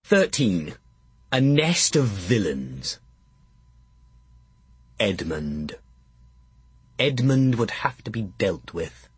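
A man reading an audiobook in a measured, first-person storytelling manner. His voice is husky, and the recording is close and dry. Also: on the low side, sing-song, dry recording. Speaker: narrator. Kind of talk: audiobook narration.

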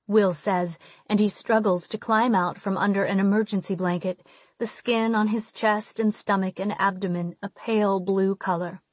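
A woman reading a first-person audiobook, measured in her narration and emotional in the dialogue, on a close studio mic. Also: mid-range voice, no echo.

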